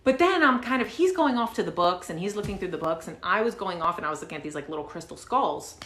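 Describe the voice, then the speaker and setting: A woman host casually telling a story to her viewers, animated and swearing freely, with lots of fillers. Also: lowish voice, quick pace. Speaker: channel host. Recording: roomy echo.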